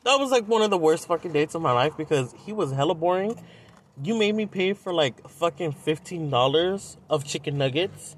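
A man's voice: a little high, animated, moderate pace. A young man from Southern California, telling a dating story on a podcast in a blunt, profane, casual way. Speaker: podcast host.

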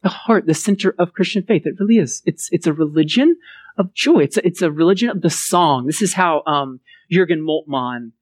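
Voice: mid-range voice, expressive, fairly quick, no echo. A pastor from Texas preaching a sermon in a chatty, conversational way, often checking in with the listeners by asking "right?". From Texas, USA.

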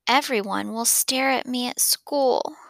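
A woman reading the part of a shy, anxious young boy in a soft, half-whispered voice. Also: sits high, sing-song, unhurried, gravelly, no room sound, studio quality, voice pushed up, exaggerated voice. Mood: anxious, pleading.

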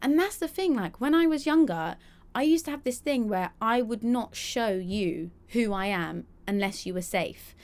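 A woman's voice: mid-range voice, animated, measured pace, darkish tone. A young woman hosting a solo podcast, chatty and candid, acting out quoted voices. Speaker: podcast host.

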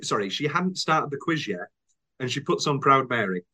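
A man's voice: medium pitch, animated, moderate pace, pushed and bright. Rambling British man telling anecdotes. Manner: rambling storyteller, acts out quotes in silly voices. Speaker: podcast host. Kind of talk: casual chat, anecdotes.

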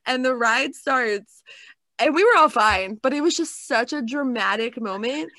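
A young woman co-hosting a casual chat, telling stories in an animated way with lots of "like.". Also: sits high, unhurried, dry recording. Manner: animated storytelling with many "like"s. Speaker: co-host.

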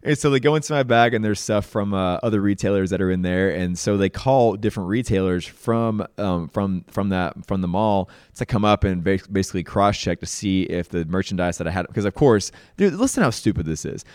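A man's voice: deep voice, brisk, few pauses, a little mellow, clean tone, no echo, clean studio sound. A man casually telling a personal story as a podcast host, laid-back and self-mocking, often saying "dude". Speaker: podcast host sharing his testimony.

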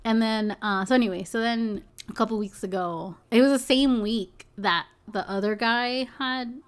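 A woman's voice: a little high, moderate pace. A young woman chatting casually, telling a story in a rambling way, filling gaps with "like" and "you know", swearing and laughing now and then. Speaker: package delivery driver.

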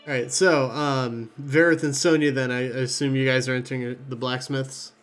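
A young man narrating as game master in a relaxed, rambling way, swearing casually. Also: mid-range voice, normal speed, soft background music.

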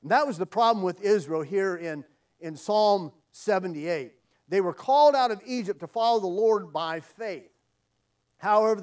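A man's voice: high voice, far from the mic. A man preaching an evening sermon, earnest and emphatic with repeated phrases.

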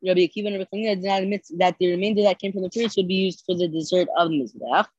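Halting, sleepy Talmud reader, dry lo-fi sound. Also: medium pitch, fairly even intonation, darkish tone, dry recording. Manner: halting, many fillers and self-corrections. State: sleepy, yawning. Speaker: podcast host teaching the daily Talmud page. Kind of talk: reading and translating Talmud text.

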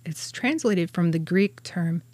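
This Catholic churchgoer explains angel hierarchy from old religious texts as a podcast co-host, laughing a lot and stumbling over words. She sounds animated, a little slow, and low with a darkish tone, on a dry recording.

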